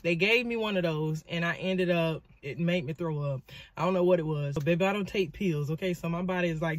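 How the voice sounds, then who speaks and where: A woman, from Florida, telling a personal story in a dramatic, animated vlog with frequent asides. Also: fairly low pitch, fairly quick. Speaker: vlogger and motivational speaker.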